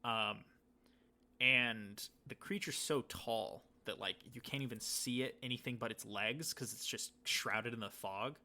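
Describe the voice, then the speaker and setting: A man's voice: mid-range voice, unhurried, bright, forceful tone. A man co-hosting a casual podcast, telling a story in a rambling way and acting out the lines he quotes. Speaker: podcast co-host. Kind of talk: casual chat.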